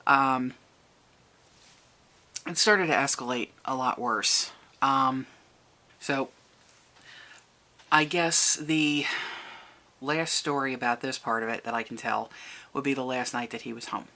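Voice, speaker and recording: Vlogger telling a family story, bright tense voice, keeps restarting, goes higher when quoting people. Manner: recounts events, raising the voice for quoted people; halting, with many restarts. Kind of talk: personal storytelling to camera.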